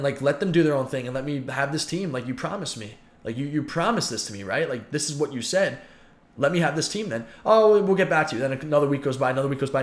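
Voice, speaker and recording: Fast-talking frustrated young man venting. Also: on the high side, roomy sound. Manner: frustrated, venting, emphatic repetition. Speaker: YouTuber and pro gamer. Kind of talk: emotional vlog monologue.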